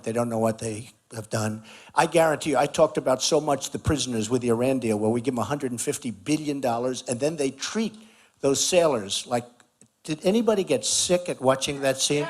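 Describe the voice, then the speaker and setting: A man delivers a campaign rally speech at an outdoor barbecue. His voice sits a little high, and he talks in an emphatic, conversational way, hammering the same points over and over. He speaks into a podium microphone. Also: husky. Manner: repetitive, emphatic, conversational riffing. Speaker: political candidate speaking at a rally.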